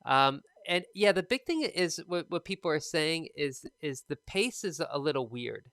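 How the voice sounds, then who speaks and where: A man teaching TOEFL speaking on a live stream, explaining in a relaxed, conversational way. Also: fairly high pitch, moderate pace, clear, resonant tone, dry recording, clean studio sound.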